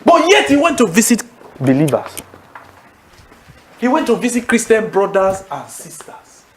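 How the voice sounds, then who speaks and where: A man preaching a sermon in a lively, animated way, calling out questions for the congregation to answer. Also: high voice, moderate pace, roomy sound, a little hiss or hum. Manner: animated, calls for congregation responses.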